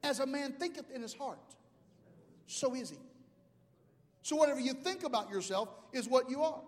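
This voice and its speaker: High-voiced preacher in a reverberant hall. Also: male voice, moderate pace. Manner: animated, builds to loud shouting climaxes. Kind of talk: sermon.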